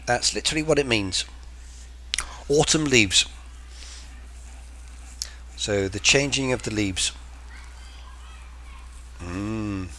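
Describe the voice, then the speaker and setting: A man's voice: fairly low pitch, unhurried, pauses often, bright, forceful tone, a little hiss or hum. An English man streaming a game and chatting casually, explaining slang to his viewers like the teacher he is. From England. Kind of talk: casual live-stream chat.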